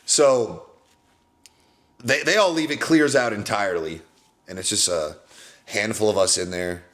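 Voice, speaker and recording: A man's voice: lowish voice, unhurried, fairly bright tone. A man co-hosting a podcast, telling a rambling story in a casual chat, often laughing and restarting. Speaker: podcast co-host, comedian.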